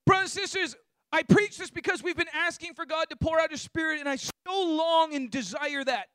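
Delivering a sermon a little fast, this male preacher pitches his voice very high and drives it hard and bright. His fervor mounts point by point, rising into shouts. The recording is close-up and dry, with no room sound.

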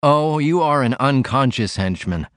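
A man's voice: medium pitch, animated, measured pace, fairly bright tone, no room sound, clean studio sound. A man reading an audiobook, voicing a defiant young working-class man who argues pointedly. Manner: pointed, argumentative.

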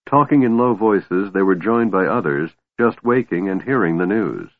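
A man narrating an audiobook in a measured storytelling voice. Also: deep voice, animated, dry recording. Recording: tinny phone-like line, dry.

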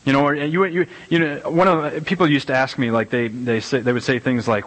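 A middle-aged pastor gives a casual sermon in a slightly husky voice. He talks in an animated, rambling way and often repeats words and restarts his sentences. His pitch sits in an ordinary middle range for a man. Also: fairly quick, few pauses, rough recording. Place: church sanctuary.

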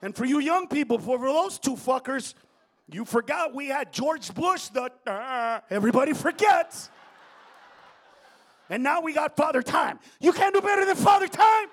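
A middle-aged man doing a profane stand-up comedy set on stage before an audience, ranting and often breaking into shouts. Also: very high voice, expressive, moderate pace.

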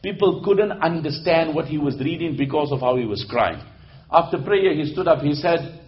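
A male preacher telling stories in a sermon, animated, switching between loud emphasis and hushed narration. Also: on the high side, moderate pace, highs cut off. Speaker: Islamic preacher. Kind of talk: sermon storytelling.

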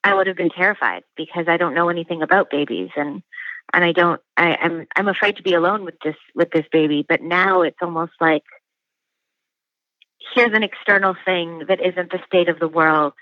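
A woman's voice: lowish voice, brisk, no echo, dull audio. A pregnant woman being interviewed over a call while in labor, talking casually between contractions. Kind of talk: casual chat.

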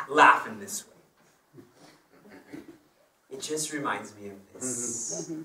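A man's voice: mid-range voice, sharp tone, slight background noise. A man teaching as a spiritual teacher, telling personal stories in a chatty way and laughing along with them. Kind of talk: devotional discourse with personal stories. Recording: roomy sound from a distant mic.

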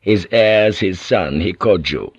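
A man's voice: low-pitched, animated, takes it slowly, husky, no room sound, muffled recording, full character voice. A man voicing a scheming, gloating lord who speaks in an eager and insinuating way.

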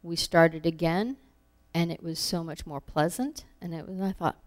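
A woman's voice: fairly low pitch, moderate pace. A woman giving an informal sermon, telling personal stories in a conversational way with laughs, acting out her own thoughts. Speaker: preacher.

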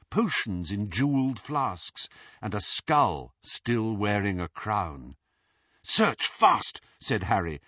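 Lively husky male audiobook narrator. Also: mid-range voice, no echo, lo-fi sound. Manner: expressive, voices each character. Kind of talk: scripted narration.

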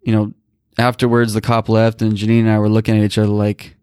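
A man's voice: fairly low pitch, completely flat delivery, quick pace, darkish tone, smooth, dry recording, studio quality. A man in his thirties telling a personal story on a podcast, emotional and rambling, with many restarts. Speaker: podcast co-host. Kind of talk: casual storytelling.

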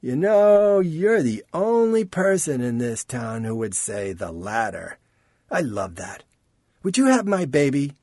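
A man's voice: medium pitch, sing-song, measured pace, a little mellow, dry recording, studio quality, pitched above the performer's own voice. A man voicing a flirtatious, wisecracking adult man in an audiobook, speaking in a teasing, coaxing way. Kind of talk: audiobook character voice.

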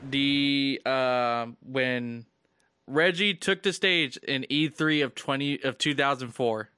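A man's voice: medium pitch, slow, pushed and bright, smooth. A man co-hosting a casual gaming podcast, friendly and enthusiastic in conversation. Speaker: podcast co-host.

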